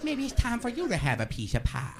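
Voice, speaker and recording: A man putting on a shrill, squeaky, giddy character voice with sing-song monkey noises, on a live comedy stage. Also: wildly swooping pitch, fairly quick, heavily acted. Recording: live club with audience noise.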